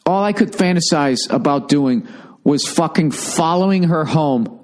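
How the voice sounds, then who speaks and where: A man's voice: a little high, unhurried, darkish tone. A middle-aged man hosting a podcast, telling a profane, ranting comic story and acting out the quoted exchanges. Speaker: podcast host. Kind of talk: casual comedic monologue.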